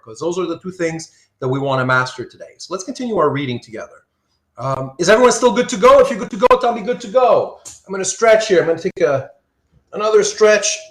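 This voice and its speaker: Animated man lecturing in an echoey room. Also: a little high. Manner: animated, often asks "right?". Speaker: philosophy lecturer. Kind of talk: online class lecture.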